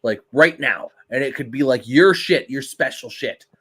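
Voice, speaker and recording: A man's voice: mid-range voice, moderate pace, slightly rough. A man co-hosting a wrestling podcast, chatting casually and telling family stories with lots of swearing. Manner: swears freely, animated storytelling. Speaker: podcast co-host. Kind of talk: casual chat.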